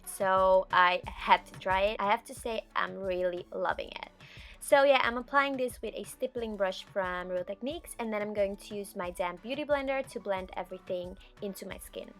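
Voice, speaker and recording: A young woman narrating a makeup tutorial as a voice-over, chatty and relaxed, with frequent ums. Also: fairly high pitch. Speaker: beauty vlogger.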